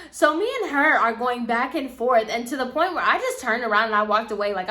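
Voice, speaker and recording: Animated young woman telling a story. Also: a little high, fairly quick, hardly any pauses. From Puerto Rican heritage. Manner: animated, slangy, acts out quoted voices. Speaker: vlogger. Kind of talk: casual storytime.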